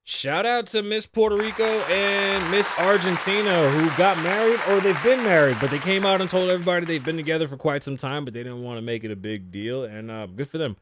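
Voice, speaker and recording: A man's voice: on the high side, brisk, few pauses, over a noisy crowd, very noisy. A man in his thirties hosting a casual solo talk show, cursing freely, joking, laughing often and dropping in Spanish phrases. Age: 30s. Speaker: podcast host.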